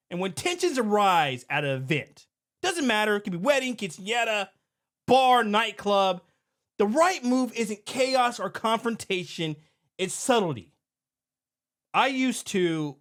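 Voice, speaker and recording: A middle-aged man who owns a security company, talking through an incident in a casual, conversational podcast manner. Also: high-pitched. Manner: animated, conversational, repeats himself. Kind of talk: commentary podcast.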